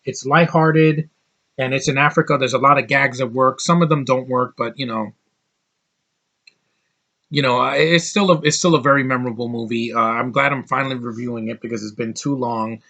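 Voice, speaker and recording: A man's voice: mid-range voice, normal speed, pushed and bright, highs cut off. A man giving a casual spoken film review, rambling with lots of fillers and restarts, sounding tired. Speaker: movie reviewer.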